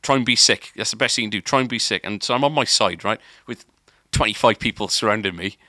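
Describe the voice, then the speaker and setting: A man's voice: on the low side, fast, sharp tone, no room sound, clean studio sound. A man telling a long story on a podcast, rambling and restarting often. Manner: rambling, lots of filler and restarts. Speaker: podcast co-host. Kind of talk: casual storytelling.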